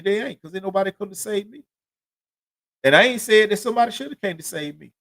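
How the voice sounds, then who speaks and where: High-voiced man telling street stories. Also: quick pace, fairly bright tone. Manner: loose, profane street storytelling; rambling, repeats "you know what I'm saying". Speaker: podcast host. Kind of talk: solo podcast monologue.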